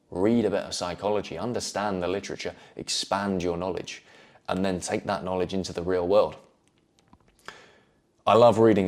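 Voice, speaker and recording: Low-pitched male host, earnest motivational talk, measured delivery. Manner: earnest, measured, repeats phrases for emphasis. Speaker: self-improvement video host.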